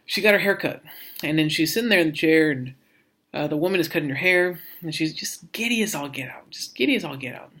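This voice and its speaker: A man's voice: on the high side, expressive, pushed and bright. A man giving a recorded course lecture as an instructor. He speaks reflectively, restarts often and repeats words as he works out his thoughts. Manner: reflective, halting, frequent restarts and repetitions.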